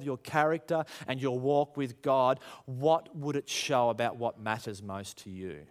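A man preaching a sermon, animated and full of rhetorical questions, acting out quoted voices. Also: medium pitch, a little slow, hardly any pauses, clean tone. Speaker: pastor.

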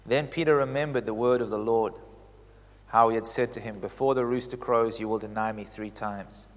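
A man preaching a sermon, retelling a scripture story expressively, with emphatic highs and hushed reflective passages. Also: steady tone, moderate pace. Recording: long hall reverb.

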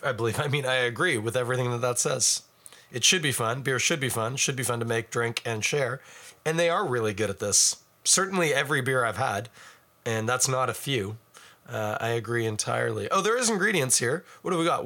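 Chatty man with a bright voice. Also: medium pitch, fairly quick. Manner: chatty, rambling asides. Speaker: beer reviewer. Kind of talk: casual tasting review.

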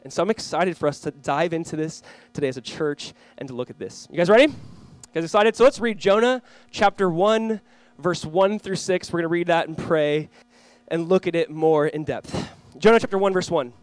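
A young man pastor delivers a sermon in a chatty, storytelling way, moving between easy anecdotes and scripture. His voice sits a little high for a man. The sound is close and dry, with almost no room echo. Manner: conversational, animated storytelling with quick asides.

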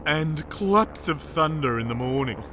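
A man's voice: fairly high pitch, animated, measured pace, background noise. A man with an Australian accent playing a camp, gossipy weather presenter in a comedy sketch. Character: camp chatty older male weather presenter.

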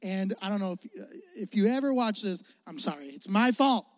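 A young male preacher from the Chicago area with a high voice, telling a story in an animated, joking way and talking straight to his audience. The recording is close and dry. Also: normal speed, no echo. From Chicago area, United States. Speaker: youth preacher. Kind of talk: storytelling sermon.

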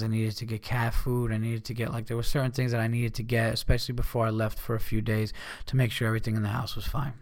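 A man in his thirties hosting a podcast, telling a long story in a rambling, heated way and swearing often. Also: mid-range voice. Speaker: podcast host. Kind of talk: profane storytelling monologue.

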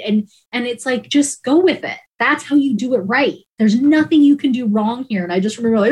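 A woman's voice: fairly high pitch, expressive, fairly quick, few pauses, darkish tone, breathy edge, poor audio. A woman who works as an emergency dispatcher, candidly and emotionally telling her story in an interview, with many "like" fillers.

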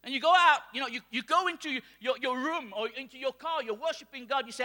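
A man from Mauritius preaching a sermon to a congregation, calling for responses and rising to shouts. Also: very high voice, fast talker, few pauses. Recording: long hall reverb.

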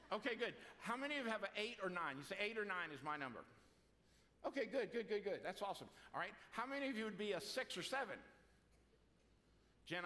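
A man's voice: a little high, sharp tone, in a large hall. A man preaching a sermon as pastor, folksy and joking, calling out to people in the room. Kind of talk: sermon with a joke. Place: church sanctuary.

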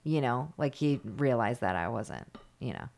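A woman with a notably low voice, chatting casually. She tells her stories bluntly and with a lot of swearing, slipping into the voices of the people she quotes. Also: expressive, moderate pace, vocal fry, darkish tone. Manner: blunt, profane, mimics others in stories. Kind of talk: casual chat, storytelling.

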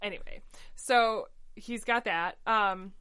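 A woman co-hosting a casual podcast chat, breezily retelling a plot with mock quotes and quick asides. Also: medium pitch, pushed and bright, smooth. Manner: chatty, quick paraphrasing with mock quotes and laughs. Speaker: podcast co-host. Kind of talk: casual chat recapping a musical.

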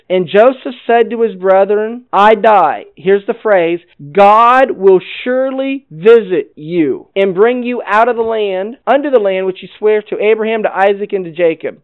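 A man teaching from the Bible, reading verses aloud with measured, emphatic pacing. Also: sits high. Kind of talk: scripture-reading teaching session. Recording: phone-like narrow band.

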